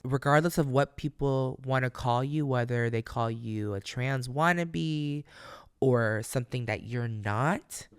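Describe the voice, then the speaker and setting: A man talking through a casual solo podcast, candid and emphatic, swearing freely and speaking straight to his listeners with motivational encouragement. His voice is smooth and clear, recorded close and dry. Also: mid-range voice, no room sound. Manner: motivational, addresses listeners directly. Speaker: podcast host.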